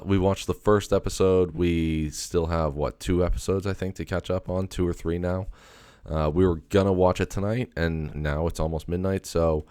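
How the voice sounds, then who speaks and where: A young man talks in a very deep, smooth voice. He rambles through a story with plenty of fillers and a few swears. The sound is close and dry, with no room around it. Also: a little mellow, no echo. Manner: loose and swearing, many fillers and restarts. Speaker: podcast host.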